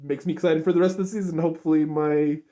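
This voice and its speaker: A young man giving an unscripted, rambling review of a cartoon episode, gushing and excitable, full of filler words. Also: fairly high pitch, fast talker. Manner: rambling, lots of filler likes and restarts. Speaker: show reviewer.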